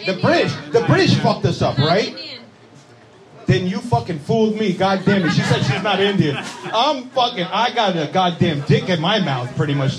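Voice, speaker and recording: A man's voice: high-pitched, rough recording. A man doing stand-up comedy, brash and profane, joking with the crowd in a club. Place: comedy club with a live audience. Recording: loud crowd noise in a club. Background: audience laughter and chatter.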